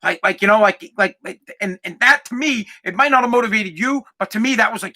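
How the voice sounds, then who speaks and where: Man, 40s, solo podcast host; high, piercing voice, emphatic and foul-mouthed. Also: a little fast, hardly any pauses, pushed and bright. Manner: emphatic, profane and fired-up.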